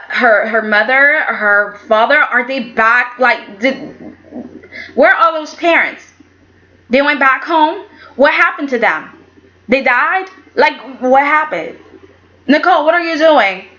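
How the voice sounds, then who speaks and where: Woman, casual vlog recap, sassy, chatty, high voice, dull lo-fi sound. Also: sharp tone. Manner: chatty, sassy, keeps asking okay. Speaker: soap opera reviewer.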